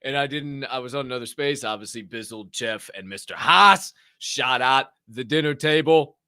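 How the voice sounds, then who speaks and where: A man hosting a casual livestream, excitedly and profanely greeting people in the chat by name. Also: medium pitch, normal speed, clear, resonant tone, no room sound, studio quality. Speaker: livestream show host.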